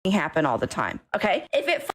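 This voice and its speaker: A woman's voice: medium pitch, huge pitch swings, quick pace, over a noisy crowd. A woman ranting angrily on a stream, swearing, repeating herself and tagging lines with okay. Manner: angry, keeps saying okay, swears, bursts into laughing shouts. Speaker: streamer ranting about a friend group. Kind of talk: emotional rant on stream.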